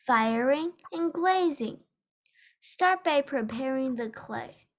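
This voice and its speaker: A woman student reading a textbook aloud in an online class, careful and stumbling now and then, heard over a video call. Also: a little high.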